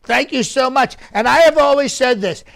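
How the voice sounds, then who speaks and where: A boastful older politician who rambles and repeats himself, as a comedian puts him on. The voice sits high for a man, with a gravelly, fry-laden edge. He keeps circling back to brag. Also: moderate pace, fairly bright tone, full character voice. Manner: bragging, repetitive, rambling asides. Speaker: comedian doing an impression. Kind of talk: live-stream comedy press conference.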